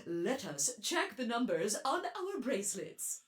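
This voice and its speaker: A performer voicing a showy, cartoonish rabbit AI announcer in a video game, with a slow, sing-song delivery. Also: mid-range voice, sing-song, a bit bright.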